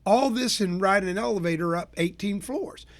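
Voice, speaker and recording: A man from Florida with a fairly high voice rants about sales to his listeners, folksy and energetic. He tells stories as a consultant would, bringing the people in them to life as he goes. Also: normal speed. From Tampa area, Florida. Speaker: business consultant and show host. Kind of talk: storytelling rant to listeners.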